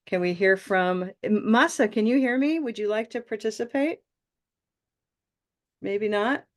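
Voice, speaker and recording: A woman leads an online pronunciation class, speaking through a video call mic. She praises her students warmly and stretches out vowel sounds so they can copy them. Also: medium pitch. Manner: encouraging, models vowel sounds slowly. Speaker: pronunciation teacher.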